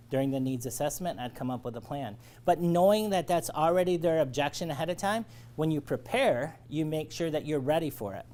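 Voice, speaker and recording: A man's voice: on the high side, animated, fairly quick, a little mellow, slight background noise. A man leading a sales training lecture, coaching and checking in often with his listeners. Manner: coaching, checks in with "all right?".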